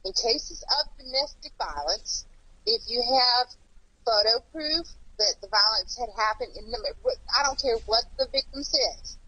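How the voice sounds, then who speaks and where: A high-voiced woman hosts a casual chat, blunt and animated, often repeating herself and cursing. Her voice is bright, and it sounds dry and close to the mic. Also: slightly rough, no echo, poor audio. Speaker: host.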